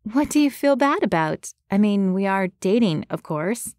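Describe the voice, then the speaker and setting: A woman's voice: medium pitch, animated, normal speed, darkish tone, no room sound, studio quality, lightly acted. A woman voicing a hopeful young female matchmaker who speaks eagerly.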